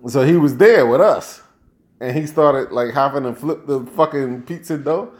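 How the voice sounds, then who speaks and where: A man's voice: medium pitch, moderate pace, a little mellow. A man hosting a late-night livestream on a handheld microphone, telling rambling, profane stories and laughing often. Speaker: travel show host. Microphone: handheld microphone and headphones.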